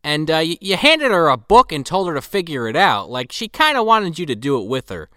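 A man hosting a podcast, retelling a movie in casual chat, profane and animated, with quick impressions. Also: fairly high pitch, no echo, clean studio sound. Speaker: podcast host.

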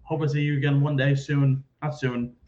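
A man hosting a casual sports podcast, talking in an animated, rambling way and acting out quoted people loudly. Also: medium pitch, moderate pace, dull audio. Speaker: podcast host.

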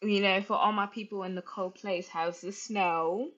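A woman's voice: mid-range voice, fairly even intonation, moderate pace, a bit bright, highs cut off. A woman co-hosting a podcast in casual chat, teasing and laid-back. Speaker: podcast co-host.

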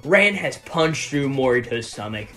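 A man's voice: medium pitch, expressive, measured pace, sharp tone, faint music behind. A man casually recapping and reviewing manga chapters, rambling with lots of "like" and tag questions of "right?".

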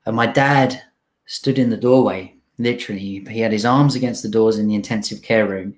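An earnest young man shares his own story with a slightly low voice. He pauses, restarts and fills gaps as he goes. He sounds moved but keeps talking. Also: steady tone. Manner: earnest, halting, frequent restarts and fillers. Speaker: speaker telling his recovery story. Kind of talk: emotional personal storytelling.

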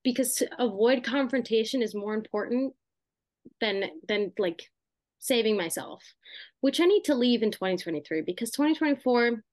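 A woman's voice: on the high side, expressive, moderate pace, darkish tone, dry recording. A young woman co-hosting a podcast, talking casually with lots of fillers and asides. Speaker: podcast co-host. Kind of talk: casual chat.

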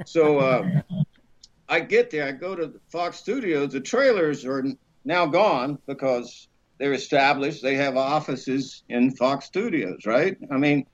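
A middle-aged male actor telling a career story on a podcast, animated and loose, jumping into the high voices of the people he quotes. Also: unhurried. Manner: animated, acts out the women he quotes in a raised voice. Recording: slightly dull lo-fi sound.

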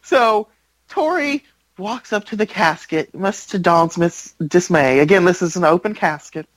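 A man co-hosts a casual podcast, recapping wrestling with a lively, swooping pitch. He acts out bits of the story as he goes, and his voice is recorded dry and close. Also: unhurried, dry recording, poor audio. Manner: animated storyteller, acts out quotes. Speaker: podcast co-host.

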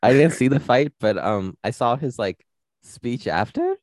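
A man's voice: medium pitch, expressive, unhurried, a little mellow, no echo. A young man co-hosting a podcast, chiming in with short, laid-back quips in casual chat. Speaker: podcast co-host.

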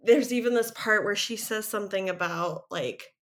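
A woman with a middle-pitched voice talks as a podcast co-host, recapping a TV episode in a loose, chatty way. She leans on "like" constantly and often breaks into laughter as she tells the story. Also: moderate pace. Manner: animated storytelling, many "like" fillers, frequent laughs. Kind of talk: casual chat recapping a TV episode.

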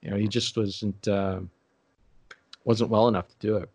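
A man in casual chat, rambling and halting with many restarts and fillers. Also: lowish voice, little pitch movement, a little mellow, no echo.

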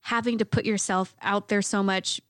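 A woman's voice: medium pitch, fairly even intonation, moderate pace, a bit bright, dry recording, studio quality. A woman hosting a casual chat, open and confessional about her marriage.

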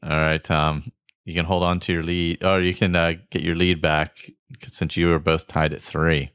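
Man, very low voice, jokey casual host, dry sound. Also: flat delivery, normal speed, a bit bright, smooth, no room sound. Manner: jokey, reads out clues with laughs. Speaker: podcast host running a movie guessing game. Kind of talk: casual chat.

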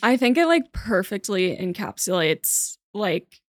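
A woman's voice: mid-range voice, sing-song, unhurried, no room sound, clean studio sound. A woman hosting a podcast in casual chat, talking loosely with many fillers. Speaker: podcast host.

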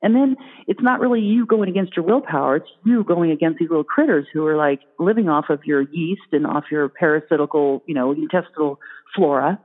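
A woman in casual conversation, telling an animated story and putting on playful little voices for imagined critters. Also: deep voice, fairly quick. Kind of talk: casual chat. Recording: phone-like sound in a long-reverb hall.

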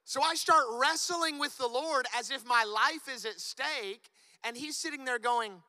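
Male pastor, high and very bright voice, preaching in a hall with a long reverb. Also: unhurried. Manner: animated, building to loud emphatic peaks. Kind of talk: sermon.

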